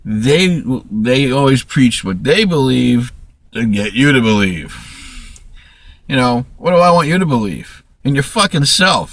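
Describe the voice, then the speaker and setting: A man's voice: mid-range voice, fairly bright tone, no room sound. A man ranting in a rambling, profane monologue to camera, restarting sentences often. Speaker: vlogger.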